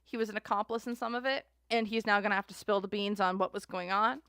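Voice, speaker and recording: A woman's voice: mid-range voice, steady tone, fast talker, fairly bright tone, clear, resonant tone, no echo, studio quality. A woman hosting a casual tarot reading chat, talking in a rambling, chatty way. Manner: chatty, rambling, voices others in mocking asides. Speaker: tarot reader host.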